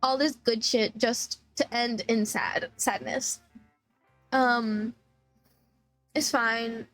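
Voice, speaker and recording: A woman's voice: a little high, steady tone, very slow, a bit bright, soft background music. A woman streamer chatting casually about a sad trip story, tearful, laughing through tears and full of "like" fillers. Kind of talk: casual chat.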